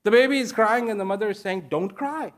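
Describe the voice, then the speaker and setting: A man giving a speech to an audience, slow and deliberate, pausing between short phrases and repeating key words for emphasis. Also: high voice. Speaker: invited speaker. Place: event at a large international venue.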